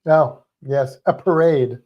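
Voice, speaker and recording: A man's voice: a little high, lo-fi sound. A man co-hosting a livestream, chatting casually and rambling with fillers. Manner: relaxed, rambling, halting with fillers. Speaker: livestream co-host. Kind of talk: casual chat.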